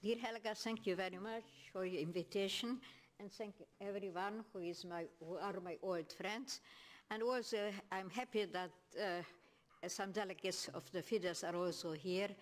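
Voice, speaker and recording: Older Hungarian woman lecturing frankly. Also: fairly low pitch. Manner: deliberate, frank, with searching pauses. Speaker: guest speaker, philosopher. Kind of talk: public lecture at a hearing.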